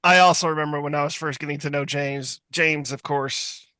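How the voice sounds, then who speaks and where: Bright-voiced man teasing his friend. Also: fairly high pitch, fairly even intonation, normal speed, smooth, dry recording. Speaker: podcast co-host. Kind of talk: casual chat.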